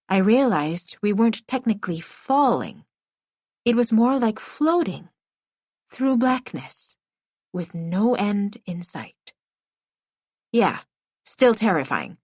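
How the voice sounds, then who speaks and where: A woman's voice: medium pitch, no echo. A woman reading a first-person middle-grade novel aloud as an audiobook narrator, telling it expressively.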